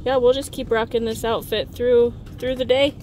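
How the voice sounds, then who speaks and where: A woman's voice: on the high side, flat delivery, normal speed, over music. A woman chatting in a family vlog, upbeat and talkative as a mother. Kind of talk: casual family vlog chat.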